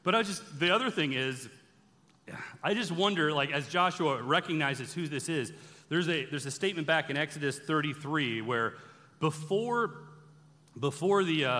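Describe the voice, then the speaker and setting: Bright-voiced man preaching in a reverberant hall. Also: fairly high pitch. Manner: animated storytelling, acting out the characters' quoted lines. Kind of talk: sermon-style bible teaching. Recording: long reverb from a large hall.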